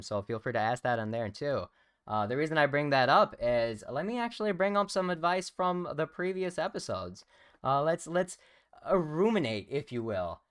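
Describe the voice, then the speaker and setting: A man's voice: fairly high pitch, a bit bright, clear, resonant tone, no room sound, studio quality. A young man co-hosting a casual livestream, joking and rambling with lots of fillers. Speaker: co-host.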